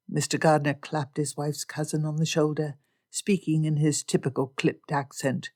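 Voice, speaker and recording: A woman narrates a Regency-style romance audiobook. Her storytelling is even and measured. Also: low voice. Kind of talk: scripted narration.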